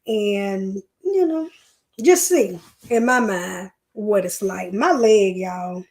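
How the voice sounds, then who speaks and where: A woman's voice: mid-range voice, slow, darkish tone. A woman hosting a live stream in a chatty, folksy way, talking straight to her viewers. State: leg pain. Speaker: host. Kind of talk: casual live-stream chat.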